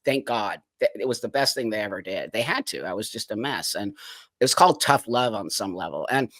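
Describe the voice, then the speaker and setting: A man's voice: on the low side, fairly quick, no echo. A middle-aged man speaking as an interview guest, telling his life story frankly and with energy, sometimes acting out other people's voices. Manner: frank, lively, acts out voices in anecdotes. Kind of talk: candid personal storytelling.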